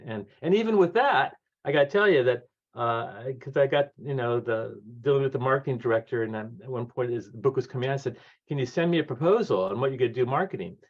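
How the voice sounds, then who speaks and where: Man, 60s, animated guest storyteller who mimics the people he quotes; average pitch, dull lo-fi sound. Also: fast. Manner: lively anecdotes, acts out quoted voices, laughs often. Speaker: guest author. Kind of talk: conversational storytelling. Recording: dull lo-fi audio.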